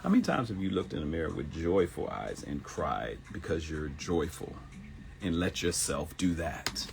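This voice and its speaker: Hosting a live motivational talk show, a man in his thirties speaks at a moderate pace with vocal fry. He's animated and laughs a lot, imitating people in high-pitched voices.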